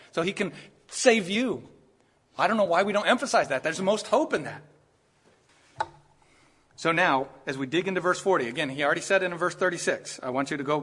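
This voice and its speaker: Husky-voiced pastor preaching conversationally. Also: male voice, fairly high pitch, fairly bright tone. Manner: conversational preaching with frequent "right?" checks. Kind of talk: expository sermon.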